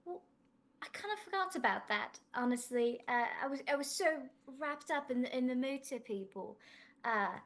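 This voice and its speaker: A woman's voice: high-pitched, expressive, normal speed, fairly bright tone. A woman voicing a young, scatterbrained female adventurer, rambling and oblivious. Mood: sheepish.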